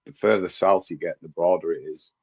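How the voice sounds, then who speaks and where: A man's voice: low-pitched, steady tone, a little fast, creaky, breathy edge, lo-fi sound. A man, co-hosting a casual podcast, teasing in a dry, wry way. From northern England. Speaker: co-host.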